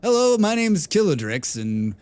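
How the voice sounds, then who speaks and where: A man voicing a pushy, cheerful salesman hawking gravel homes, in a high, bright sales-pitch patter. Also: sing-song, measured pace. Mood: salesy.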